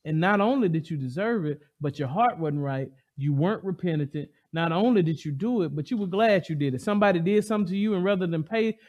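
A man preaching a sermon, emphatic and animated, asking the congregation call-and-response questions. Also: sits high, quick pace, hardly any pauses, dull audio.

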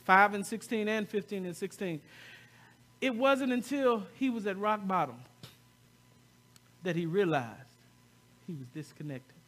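A man's voice: high-pitched, expressive, unhurried, pauses often, a bit bright. A male pastor preaching a sermon, often repeating words and calling on the congregation to respond.

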